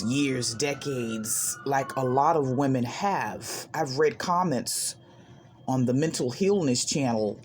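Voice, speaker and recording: A woman hosting a self-help channel, talking in an animated, emphatic way and laughing often as she shares a spiritual monologue. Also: very deep voice, slight background noise.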